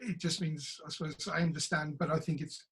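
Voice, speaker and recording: A middle-aged Welsh actor talking on a video call, telling stories in an animated way and acting out the voices of the people he quotes. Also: a little high, a little fast, husky. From Wales.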